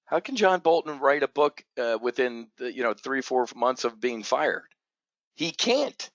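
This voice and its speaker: A man's voice: mid-range voice, moderate pace, no echo. Blunt, profane man ranting on markets. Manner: blunt and profane, with frequent stammered restarts. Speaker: options trading show host. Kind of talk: unscripted market commentary rant. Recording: dull, dry lo-fi audio.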